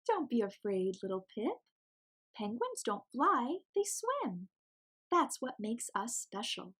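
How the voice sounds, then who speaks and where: Gentle mother penguin, soothing and cheerful, bright high tones; a woman reads her in a storybook. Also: big pitch swings, slow pace, breathy edge, heavily acted. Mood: encouraging.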